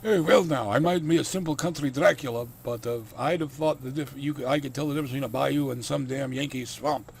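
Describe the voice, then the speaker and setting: A man voicing a portly, old-fashioned vampire gentleman with a Southern US accent, florid and courtly. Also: mid-range voice, fairly quick, gravelly, few pauses, husky, voice pushed up.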